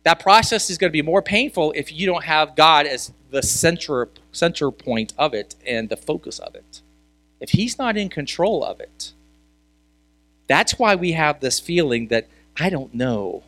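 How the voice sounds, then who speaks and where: A man's voice: a little high, bright, forceful tone, dry recording. A male pastor preaching a sermon in a conversational way, asking rhetorical questions and repeating key words for emphasis.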